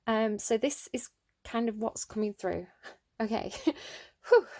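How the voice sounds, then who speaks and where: A young English woman giving a casual tarot reading, rambling and giggly, excitable as she reads out the cards. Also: a little high, a little slow, dry recording, clean studio sound. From England. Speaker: tarot reader.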